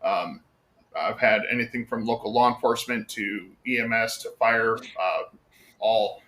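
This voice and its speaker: A man's voice: on the low side, unhurried, bright, forceful tone. An American man chatting on a podcast, telling rambling stories with lots of fillers and casual swearing. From United States. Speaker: podcast guest.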